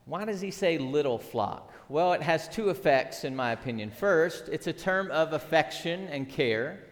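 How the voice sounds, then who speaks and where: A middle-aged pastor with a fairly high voice and lively intonation preaches a sermon at a moderate pace. He is earnest and emphatic, repeating words and posing rhetorical questions, with long hall reverb on the recording.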